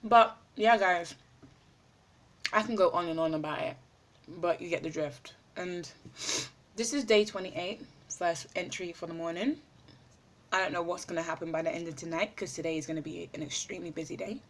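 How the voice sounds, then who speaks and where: A woman's voice: lowish voice, moderate pace. Effusive woman in a casual video diary. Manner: effusive, repeats words, many fillers; talks while eating. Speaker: vlogger.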